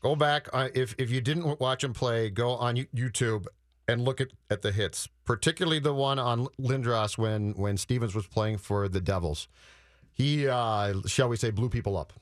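A man co-hosting sports radio from a dry studio, his voice mid-pitched. He delivers news and opinion in a wry, matter-of-fact way. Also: moderate pace, dry recording.

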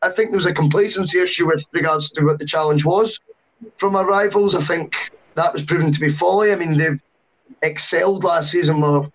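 Chatty high-voiced man. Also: fairly even intonation, brisk, low-quality recording. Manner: chatty, long-winded with asides. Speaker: podcast co-host. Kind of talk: casual football podcast chat.

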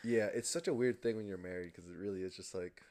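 A man's voice: low voice, quick pace, crowd noise. A young man co-hosting a podcast in casual chat, rambling with many "like" fillers and laughing easily. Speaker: podcast co-host.

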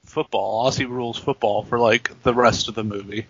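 Male co-host with a bright, forceful tone, quick with deadpan asides; dry, muffled recording. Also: medium pitch, slightly rough, no echo. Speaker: podcast co-host. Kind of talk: casual movie-discussion podcast.

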